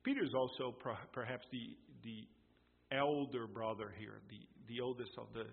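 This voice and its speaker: A man's voice: medium pitch, moderate pace, gravelly, a little hiss or hum. A man preaching a sermon, explaining emphatically and repeating key points. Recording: tinny phone-like sound in a reverberant hall.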